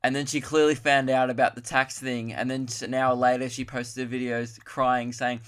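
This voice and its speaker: A man's voice: medium pitch, moderate pace, few pauses, fairly bright tone. A man, hosting a solo comedy podcast, rambling and mocking himself as he jumps between topics. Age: 20s. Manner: rambling, self-mocking, puts on voices for impressions. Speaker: podcast host.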